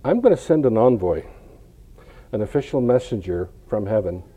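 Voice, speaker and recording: A man voicing God, matter-of-fact and mellow. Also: on the low side, big pitch swings, moderate pace, slightly rough. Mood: declaring. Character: God, a male deity announcing judgment. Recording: dull lo-fi recording.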